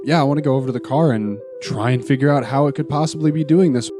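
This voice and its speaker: A man's voice: medium pitch, fast talker, music in the background. Friendly male tabletop player. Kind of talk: casual chat.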